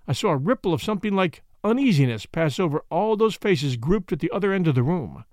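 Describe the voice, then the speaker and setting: A man's voice: on the high side, a little mellow, no echo, studio quality. Man narrating a mystery audiobook. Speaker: audiobook reader. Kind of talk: scripted narration.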